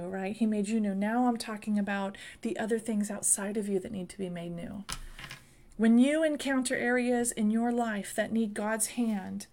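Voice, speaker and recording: A woman's voice: fairly high pitch, a little mellow. Fervent woman preaching a sermon. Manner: fervent, repeats phrases and rises into passionate exhortation.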